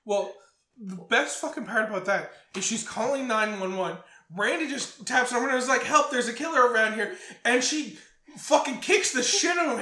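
High-voiced man cursing through a movie recap. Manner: profane, animated retelling with acted-out quotes. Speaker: podcast co-host. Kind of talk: casual movie recap chat. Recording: roomy echo.

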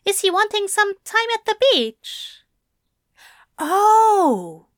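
A woman voicing a calm, firm male angel who speaks in a pointed, measured way. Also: very high-pitched, no room sound, studio quality, voice pushed up, exaggerated voice.

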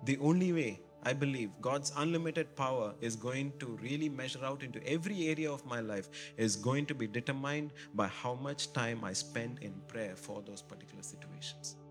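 A man's voice: medium pitch, normal speed, few pauses, over music. A man preaching a sermon, building to emphatic repeated rhetorical questions and calling out to the congregation. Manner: calls out to the congregation. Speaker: pastor.

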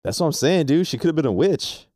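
A man's voice: fairly high pitch, animated, fast, mellow, no echo, clean studio sound. A man in casual chat, reacting in a laid-back, slangy way and swearing a lot. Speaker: podcast co-host.

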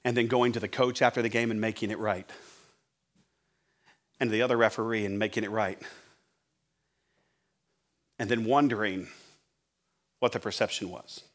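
A middle-aged man preaching as a pastor, telling an animated sermon story and acting out his own shouting. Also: fairly low pitch, moderate pace, long pauses. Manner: animated, acts out his own yelling at a referee.

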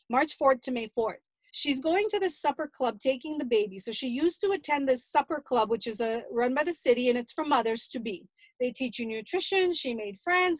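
High-voiced grandmother telling a family story. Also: no room sound, poor audio. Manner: emotional, animated retelling with acted-out quotes. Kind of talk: personal storytelling.

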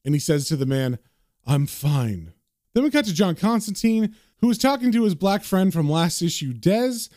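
A man narrating a comic book aloud in a casual way. His voice sits a bit high and moves around a lot. The sound is close and dry, with no room echo. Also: lively intonation, fairly quick, dark tone.

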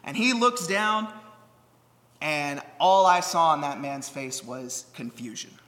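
A young man giving a sermon, telling a personal story earnestly with many "uh" fillers and reading scripture in a slower, measured way. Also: fairly high pitch, a bit bright. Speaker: preacher. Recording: long hall reverb.

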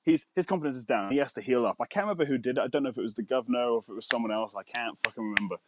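A man's voice: very fast, background noise. A man co-hosting a podcast, rambling and swearing through casual banter. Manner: rambling, sweary, swings into high mocking voices. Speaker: podcast co-host.

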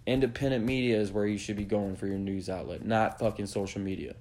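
A man's voice: lowish voice, steady tone, quick pace, a little mellow. A man hosting a podcast, delivering a blunt, profanity-heavy rant that lectures his listeners. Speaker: podcast host. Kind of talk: opinionated rant.

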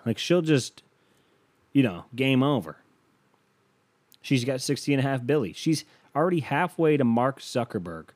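This podcast host talks alone in a mid-range, darkish voice, captured in a dry recording. He's profane and self-amused, riffing through rants and jokes, his voice leaping upward whenever he gets worked up.

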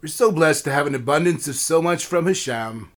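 A man voicing an adult woman neighbor in a storybook tale, speaking gently and conciliatory. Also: fairly high pitch, expressive, a little fast, lightly acted. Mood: apologetic.

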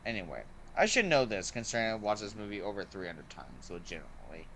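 A man hosting a podcast, chatting casually and excitedly about a movie, with lots of "like" and "um" fillers. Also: lowish voice, fast, slight background noise. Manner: excited and rambling, heavy use of "like" and "um". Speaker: podcast host. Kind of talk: casual movie review chat.

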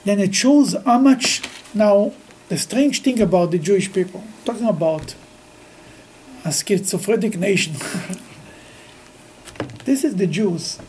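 Man, Torah teacher, mellow dark tone, halting delivery with restarts, lively storytelling. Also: high voice, slight background noise, rough recording. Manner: halting, with frequent restarts, grows lively while telling stories. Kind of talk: weekly scripture class.

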